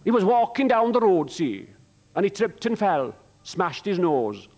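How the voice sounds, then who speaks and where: A comedian doing a chatty Welsh bloke with a high, lilting voice. He tells his joke in a sing-song way and keeps tacking on tag questions. It comes from a live theatre stage. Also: big pitch swings, measured pace, darkish tone, heavily acted. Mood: joking.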